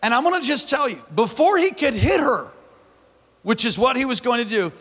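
A male pastor preaches in a high, bright voice that rings through a large reverberant church hall. He tells his stories with animated energy, rising to shouts at the peaks, and keeps calling on the congregation to answer back. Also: fairly quick, slight background noise. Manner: calls on the congregation to respond. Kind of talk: sermon.

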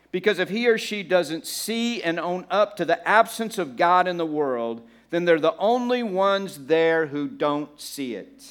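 A man preaching a sermon to a congregation, conversational and animated, acting out the voices of churchgoers and laughing along with the room. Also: a little high. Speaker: pastor.

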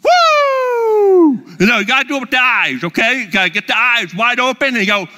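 A middle-aged man telling lively, enthusiastic personal stories to a live audience. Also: extremely high pitch, fast talker. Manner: lively, enthusiastic, holds up props. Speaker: speaker addressing a live audience. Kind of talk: animated personal storytelling.

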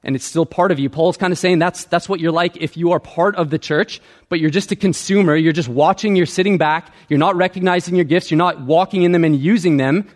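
Guy pastor giving a sermon, kinda high voice, earnest, keeps asking "right?". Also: a little fast, few pauses. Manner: earnest teaching with rhetorical "right?" checks.

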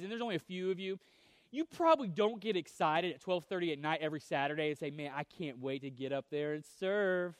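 A male pastor preaches with an earnest, conversational delivery, often stumbling and restarting as he reaches for the next phrase. His voice sits very high and has a slightly whiny edge. The sound is dry and close, with almost no room around it. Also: no room sound. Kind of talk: sermon.

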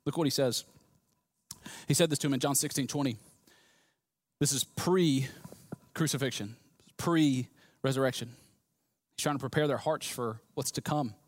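A man from the US South, preaching a sermon in an emphatic, animated way, often repeating words as he restarts. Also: mid-range voice, fast talker, no echo, studio quality. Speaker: pastor.

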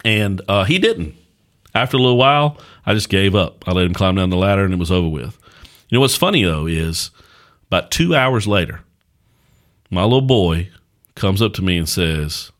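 Middle-aged pastor-host, deep voice, loose folksy storyteller, casual podcast talk. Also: male voice, lively intonation, moderate pace, fairly bright tone.

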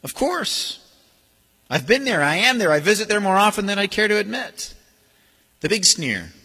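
A man delivering a sermon with a lively, swooping delivery and a slightly husky tone. His voice is bright and fairly high for a man. It rings out with a long reverb through a church hall. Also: normal speed. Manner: animated, acts out sneering voices. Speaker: pastor. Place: church sanctuary.

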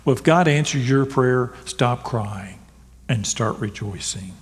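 A man preaching a sermon as a pastor, building to emphatic peaks and dropping to soft, hushed lines. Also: medium pitch, expressive, unhurried. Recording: long hall reverb.

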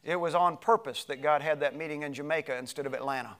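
Animated preacher man, higher voice. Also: fast talker. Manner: animated, swings from loud to hushed. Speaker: pastor. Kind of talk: sermon storytelling.

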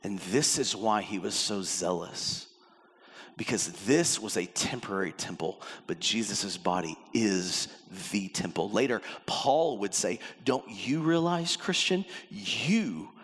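A man's voice: on the low side, fairly bright tone, slightly rough. A man preaching a sermon as pastor, acting out the voices in the passages he quotes. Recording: long hall reverb.

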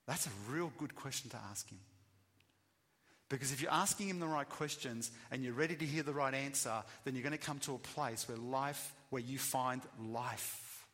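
A man giving a sermon, emphatic, swinging between loud bursts and quiet asides. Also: medium pitch, moderate pace. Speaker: preacher. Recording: long reverb of a hall.

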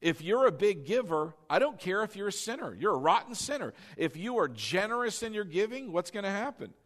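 A man preaching a sermon as pastor, animated and coaxing his congregation to repeat lines after him. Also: sits high, a little fast.

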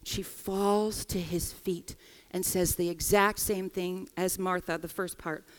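A woman preaching a sermon in a church, expressive, voicing quoted lines with feeling. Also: lowish voice, slow pace. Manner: expressive, acts out quoted voices. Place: church hall. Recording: long hall reverb.

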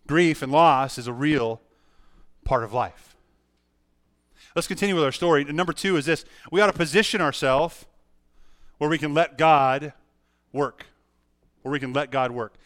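A middle-aged pastor preaching a sermon, telling a personal story earnestly with frequent restarts. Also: male voice, a little high, moderate pace, a bit bright, dry recording, clean studio sound.

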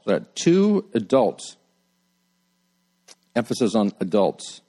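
A middle-aged male pastor preaching a sermon in a conversational way, jumping high when he quotes people and dropping low and quiet to drive a point home. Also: sing-song, unhurried, long pauses.

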